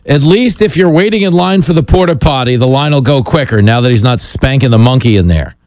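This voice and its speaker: A man's voice: medium pitch, expressive, brisk, darkish tone, no room sound. A man hosting a talk radio show, sarcastic and mocking as he comments and takes calls. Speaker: radio host.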